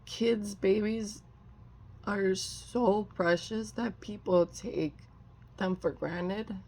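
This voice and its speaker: A woman's voice: mid-range voice, very slow, a little mellow, slightly rough. A woman giving a casual tarot reading, rambling with many fillers and restarts and often apologizing. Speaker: tarot reader.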